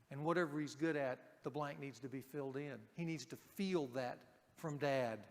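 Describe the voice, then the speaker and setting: A man preaching a sermon to a men's group, speaking emphatically and dropping to a hush on key points. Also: fairly high pitch, normal speed, big-room sound.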